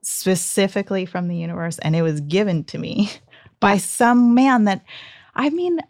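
A woman telling a personal story in casual chat, animated and full of "like"s. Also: mid-range voice, moderate pace, gravelly, no room sound, clean studio sound. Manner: animated, breathless storytelling with many "like"s.

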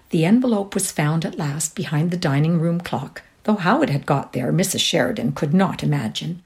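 A woman's voice: moderate pace, vocal fry, few pauses. A woman with a Canadian accent giving a dramatic reading of a short story, acting out each character's lines. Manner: voices each character with lively shifts in pitch. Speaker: reader.

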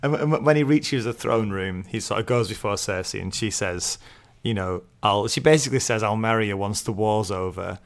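A man's voice: on the low side, fairly quick, few pauses. A man co-hosting a podcast, chatting and laughing often as he recaps. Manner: laughs often, hesitant with fillers. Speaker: podcast co-host. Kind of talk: casual chat recapping a show.

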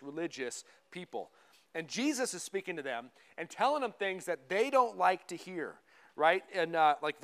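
Animated high-voiced male pastor preaching. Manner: animated, conversational, asks rhetorical questions. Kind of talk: sermon. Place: church sanctuary.

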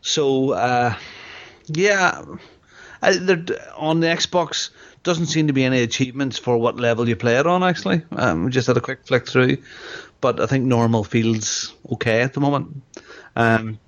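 A man's voice: mid-range voice, normal speed. Wry man on dull lo-fi audio. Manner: wry, opinionated, asks questions. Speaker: podcast co-host. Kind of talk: casual gaming chat.

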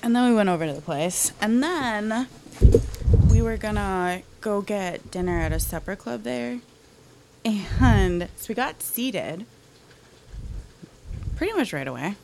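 A woman telling a long casual story in a chatty, animated way with quick asides. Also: medium pitch, gravelly, background noise.

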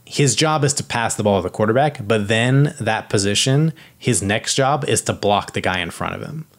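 A man in a relaxed conversation, walking a friend through the rules of a sport. His voice sits on the low side, and he rambles, restarting sentences and leaning on fillers. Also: moderate pace. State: out of breath. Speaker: explainer of football rules. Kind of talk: casual chat.

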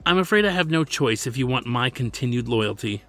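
A man's voice: medium pitch, animated, brisk, a bit bright, soft background music. A man voicing a stern, formal male manager and loyal servant, speaking insistently.

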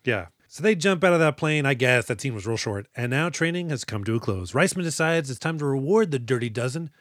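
A man's voice: mid-range voice, animated, fairly quick, a bit bright, no echo, studio quality. A man co-hosting a casual movie podcast, joking and acting out lines from films. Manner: jokey, acts out movie lines in quoted voices. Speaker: podcast co-host.

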